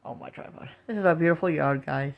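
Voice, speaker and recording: A woman's voice: sits low, fast, dull audio. A woman vlogging from home on a phone camera, narrating out a window to her viewers. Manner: animated, coos and exclaims, talks to viewers as "guys". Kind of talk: casual home video narration.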